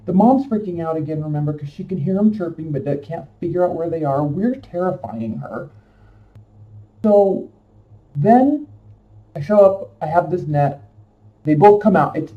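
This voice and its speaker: A man's voice: sits high, distant mic. A man telling a personal story in a casual, emotional, rambling way, full of fillers. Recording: dull lo-fi sound from off-mic.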